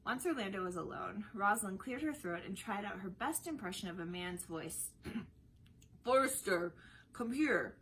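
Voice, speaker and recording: Bright-voiced woman reading a storybook. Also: mid-range voice, expressive, a little fast, hardly any pauses, a little hiss or hum, low-quality recording.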